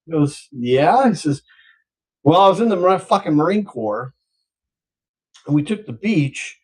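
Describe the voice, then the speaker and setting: A man's voice: fairly high pitch, sing-song, a little slow, a little mellow, slightly rough, poor audio. An older man, a co-host, telling a long profane joke in casual chat and acting out the characters' voices.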